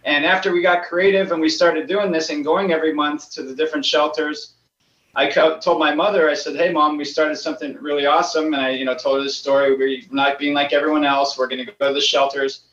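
A man's voice: fairly high pitch, little pitch movement, a bit bright. Guy on a call telling his story, earnest, sounds far off and roomy, kinda dull audio. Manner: earnest, a little halting. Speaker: guest. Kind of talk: casual storytelling. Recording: distant echoey lo-fi call audio.

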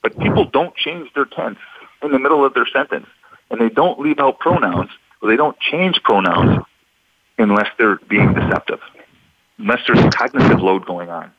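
A man's voice: medium pitch, lively intonation, normal speed, slightly rough, no room sound. A man explaining deception cues in an instructive, emphatic manner on a radio talk show. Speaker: deception expert guest. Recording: dull lo-fi radio audio.

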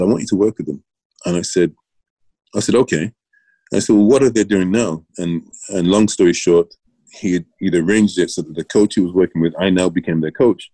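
A middle-aged man from Britain recounts his coaching days in a casual interview, circling back and restarting as he goes. His voice sits very low and has a mellow, dark tone. The recording is close and dry, with no room sound. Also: no room sound, low-quality recording. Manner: rambling anecdotes with restarts and laughs. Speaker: guest, former Olympian and coach.

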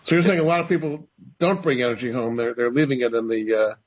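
A man's voice: medium pitch, fast, slightly rough. A man hosting a radio interview, asking brief questions and affirming his guest. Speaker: radio host.

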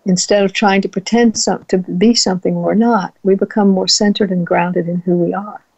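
A woman hosting a spiritual talk radio show, speaking slowly and reflectively, often restarting and repeating words. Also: medium pitch, fairly even intonation, vocal fry, darkish tone, slightly rough, muffled recording.

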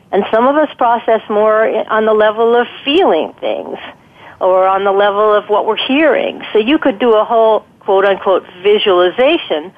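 Woman, guest expert, phone-line sound, tinny, thoughtful, explanatory, frequent ums. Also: medium pitch. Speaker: guest expert on guided imagery. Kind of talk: conversational interview advice. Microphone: telephone.

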